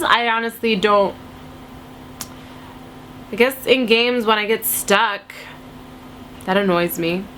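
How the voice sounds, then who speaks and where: A woman's voice: on the high side, fairly bright tone, slight background noise. A woman in her twenties with a cold, chatting casually to camera as she answers viewer questions in a silly, playful way. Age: 20s. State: has a cold.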